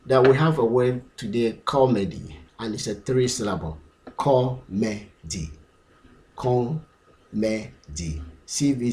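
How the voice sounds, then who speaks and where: Low-voiced man teaching pronunciation. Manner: drills words slowly and repeats them many times. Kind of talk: slow, repetitive pronunciation lesson.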